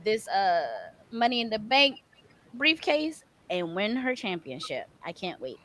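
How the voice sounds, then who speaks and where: Bright, lively woman co-host. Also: medium pitch, a little slow. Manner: animated, laughs easily. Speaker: podcast co-host. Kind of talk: casual chat.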